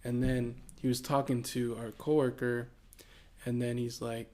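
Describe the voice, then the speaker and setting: A man's voice: mid-range voice, level tone, measured pace, a little mellow. A young man co-hosting a podcast in a laid-back, hesitant way, with casual swearing. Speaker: podcast co-host.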